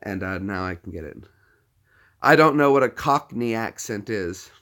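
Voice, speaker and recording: A man's voice: on the low side, expressive, moderate pace, a bit bright. A man hosting a casual livestream from his phone, rambling and often restarting his sentences. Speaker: livestream host.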